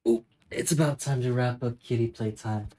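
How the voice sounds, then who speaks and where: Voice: medium pitch, fairly even intonation, normal speed, mellow, rough recording. A young adult streamer from Northern California with a Northern Californian accent, chatting casually and rambling while answering viewers. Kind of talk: casual livestream chat with viewers.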